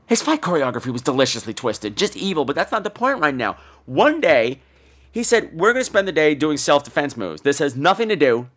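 A man's voice: mid-range voice, fairly bright tone. A man in his thirties hosting a podcast, telling a campy comic story with lots of mock voices. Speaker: podcast host. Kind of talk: comic monologue.

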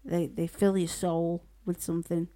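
A woman co-hosting a podcast in casual chat, speaking low with a lingering cough and gushing over recommendations. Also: little pitch movement, normal speed, warm tone. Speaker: podcast co-host.

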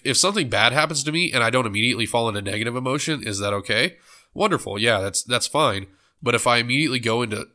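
A man's voice: fairly low pitch, pushed and bright. A man hosting a book club podcast alone, talking casually about a book with a stuffed-up nose, often correcting himself and joking along the way. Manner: rambling, self-correcting, joking. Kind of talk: casual solo podcast commentary.

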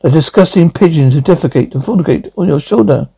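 A man's voice: a little high, lively intonation, fast talker, creaky, mellow, breathy edge, heavily acted, low-quality recording. A man putting on a gloomy French statue lady. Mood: dramatic. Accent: put-on French. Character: grand female statue with a French accent.

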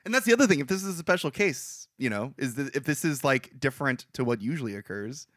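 A man co-hosting a film podcast in casual, animated chat, swearing offhandedly. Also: mid-range voice, quick pace, dry recording, studio quality. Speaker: podcast co-host.

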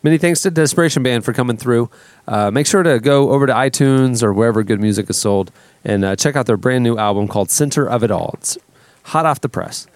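A man's voice: medium pitch, fairly quick, no room sound. Easygoing male podcast host. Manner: easygoing, with plugs and audience call-outs. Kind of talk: casual studio podcast chat.

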